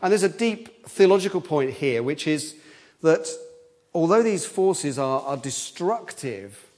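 A man's voice: lively intonation, unhurried, darkish tone. A man preaching an expository sermon in an earnest way, often repeating words as he thinks aloud and lifting his voice on quoted cries. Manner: rises in pitch and force on quoted cries.

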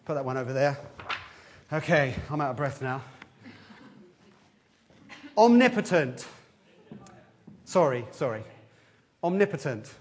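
A man giving a lively, interactive children's talk in a church service, quizzing the children as he goes. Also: mid-range voice, slight background noise. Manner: lively, questioning the children, quick asides.

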